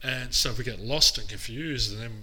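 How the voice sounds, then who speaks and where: A man's voice: mid-range voice, normal speed, bright, forceful tone, slightly rough, low-quality recording. A man co-hosting a podcast, talking openly and reflectively in casual chat. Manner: reflective, open, self-searching. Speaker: podcast co-host.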